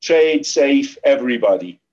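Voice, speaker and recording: A Liverpool man leads a trading webinar at a measured pace, his voice mid-range. His manner is chatty and repetitive as he explains the charts with lively anecdotes, recorded with slightly dull lo-fi sound.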